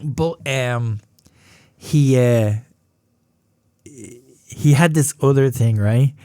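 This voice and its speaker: A man in his fifties telling a story in a casual, profane, animated way, often laughing. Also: medium pitch, very slow, smooth, dry recording, clean studio sound. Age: 50s. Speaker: podcast host.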